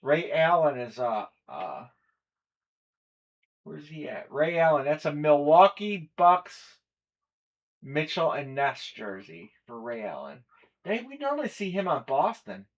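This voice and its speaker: A man's voice: on the high side, very animated, unhurried, highs cut off. Casual man hosting a live stream. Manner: casual, rambling, reads off players and teams. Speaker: stream host. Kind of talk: live breaking stream chat.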